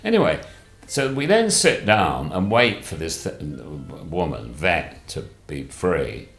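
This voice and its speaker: A man's voice: low-pitched, big pitch swings, takes it slowly, a bit bright. An older man telling a story in casual chat, acting out the other people in it. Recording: roomy echo with faint music.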